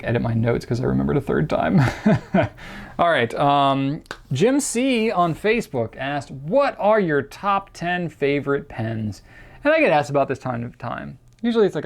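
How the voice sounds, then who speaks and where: A man in his thirties talks to camera as the host of a viewer question show. His voice sits in an ordinary middle register with a gravelly edge. He rambles loosely, restarts his sentences and pokes fun at himself. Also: mid-range voice, a little mellow. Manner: rambling and self-deprecating, many fillers and restarts. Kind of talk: casual chat to camera.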